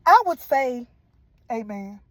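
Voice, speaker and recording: Preachy woman with a high voice. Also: animated, takes it slowly, dry recording. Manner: sermon-like, emotional, church phrases. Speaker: show reviewer and commentator. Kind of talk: casual preachy commentary.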